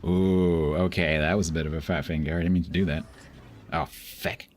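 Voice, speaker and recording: A man commenting live on his own gameplay as a streamer, joking and complaining in animated bursts. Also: moderate pace, slight background noise. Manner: animated, self-pitying, jokey banter with squeaky outbursts. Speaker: game streamer.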